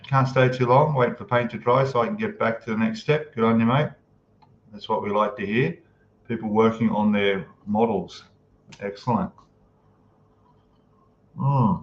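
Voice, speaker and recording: A man's voice: fairly low pitch, moderate pace, long pauses, roomy sound. Male live-stream host, laid-back chatter, dull lo-fi sound with faint noise. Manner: relaxed, chatty, reads out viewer comments and greets them. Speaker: livestream host. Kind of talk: casual live-stream chat. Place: home room, in Thailand.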